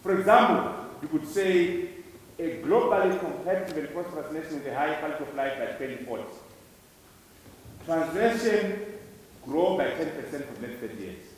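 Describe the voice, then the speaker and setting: Man from Zimbabwe, conference speaker, slightly high voice, emphatic and repetitive, heard from far off in a large echoing hall. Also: animated, normal speed, a little hiss or hum. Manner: emphatic, repeating key words for effect. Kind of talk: public speech to students.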